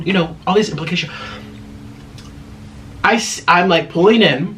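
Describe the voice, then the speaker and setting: A man's voice: high voice, normal speed, long pauses, a bit bright. A man hosting an eating vlog, chatting through a dramatic story between mouthfuls. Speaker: vlogger.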